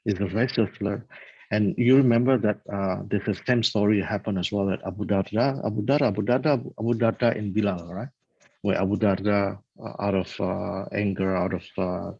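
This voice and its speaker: Very low, husky-voiced man telling stories. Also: no room sound. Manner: conversational, halting, often checks in with "right?". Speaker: religious talk speaker. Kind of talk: casual religious storytelling talk. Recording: dull lo-fi dry recording.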